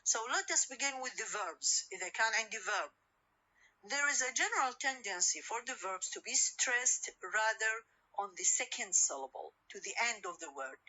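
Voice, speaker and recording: Woman lecturer, bright voice, patient explainer who repeats examples and checks understanding. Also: on the high side, lively intonation, brisk, low-quality recording. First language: Arabic. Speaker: university lecturer. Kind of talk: classroom lecture.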